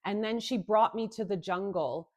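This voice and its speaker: A woman in her thirties talking warmly and earnestly into the camera from indoors, with soft hesitations. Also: mid-range voice, normal speed. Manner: earnest and tender, with many soft fillers. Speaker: spiritual healing vlogger. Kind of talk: heartfelt direct-to-camera talk. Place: indoors, filming under a ring light.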